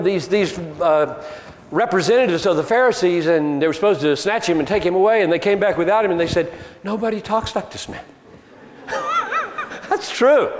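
A man preaching a sermon, emphatic and argumentative, driving his points home with rhetorical questions. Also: high-pitched. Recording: long reverb of a large hall.

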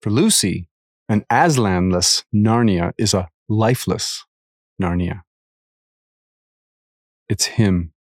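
A man reading a devotional article aloud, earnest and measured, with careful emphasis. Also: fairly low pitch, dry recording, studio quality.

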